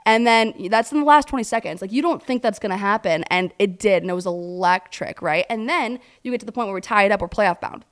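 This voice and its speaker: A woman co-hosting a casual sports chat, talking excitedly with lots of "like" and some swearing. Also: mid-range voice, quick pace, hardly any pauses. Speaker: co-host.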